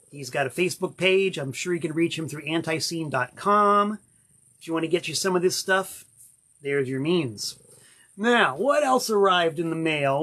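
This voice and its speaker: This is a man hosting a relaxed unboxing vlog, his voice sitting a little higher than most men's. He talks in a chatty, enthusiastic way and drifts into rambling asides. He is from Florida and records at home in his cabin. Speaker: vlog host.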